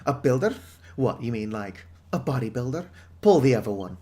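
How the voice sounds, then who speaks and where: A man voicing a rough, grumpy older male miner in a put-on British accent, gruff and dismissive. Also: medium pitch, lively intonation, moderate pace, mellow, a little hiss or hum, natural voice.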